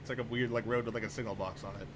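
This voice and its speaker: A man's voice: lowish voice, steady tone, very fast, noisy background. A young man streaming a train simulator, chatting casually with rambling, profane, wry asides. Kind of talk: casual gameplay commentary.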